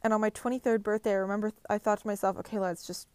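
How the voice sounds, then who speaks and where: A woman's voice: mid-range voice, flat delivery, racing, a little mellow, clear, resonant tone, no room sound. Blunt, profane young woman vlogging. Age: 20s. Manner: blunt, heavily profane, emphatic and impassioned. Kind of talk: confessional vlog monologue.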